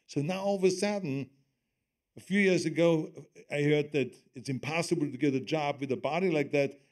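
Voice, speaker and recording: His voice on the high side and his speed normal, an older German-accented man tells stories as an on-stage conversation guest. He's animated, frequently laughing while quoting other people.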